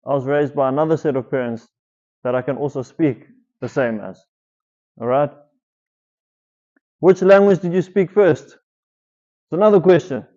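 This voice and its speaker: A man's voice: on the high side, unhurried, long pauses, mellow. A South African man from the Eastern Cape, a teacher talking to students and throwing questions at them. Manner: asks the audience questions. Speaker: teacher giving a talk. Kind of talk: school presentation to students. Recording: muffled lo-fi.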